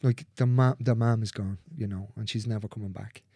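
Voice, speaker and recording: A man speaking as a guest in a candid conversation, earnest and repetitive, swearing freely and dropping into soft, near-whispered phrases. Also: fairly low pitch, fairly even intonation, a little fast, dry recording.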